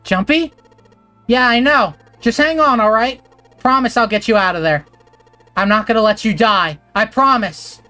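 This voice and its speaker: A frantic young man racing against the clock, as a woman reads him aloud. He shouts urgently and pleads with rising strain. The voice sits high and tight. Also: normal speed, soft background music. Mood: urgent reassuring.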